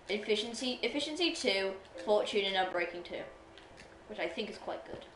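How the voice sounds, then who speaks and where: A woman streamer chatting playfully while gaming, with bursts of excitement. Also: mid-range voice, normal speed, echoey room, slight background noise, low-quality recording. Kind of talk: casual gameplay chat.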